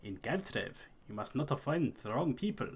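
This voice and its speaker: A man's voice: medium pitch, sing-song, moderate pace, breathy edge. A man voicing a shaky little old woman who gives cryptic warnings in a fantasy game. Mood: ominous. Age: older.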